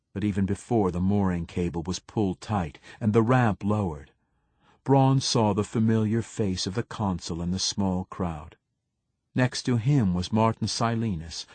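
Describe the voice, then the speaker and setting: A man reading a novel aloud as an audiobook narrator, in a measured, even storytelling manner. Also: on the low side, husky, no room sound. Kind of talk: scripted narration.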